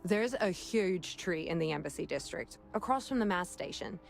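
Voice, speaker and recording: A woman's voice: fairly low pitch, lively intonation, normal speed, creaky. An actress playing a friendly, talkative young city woman who worries about her brother, in a video game. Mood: enthusiastic. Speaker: game character. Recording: game audio with music behind.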